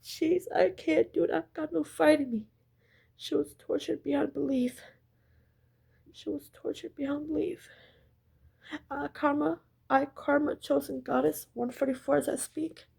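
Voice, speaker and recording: A woman's voice: high voice, fairly even intonation, measured pace, vocal fry, mellow. A woman talking straight to her viewers in a casual story-time monologue, intense and emphatic, repeating herself and swearing. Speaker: spiritual storyteller.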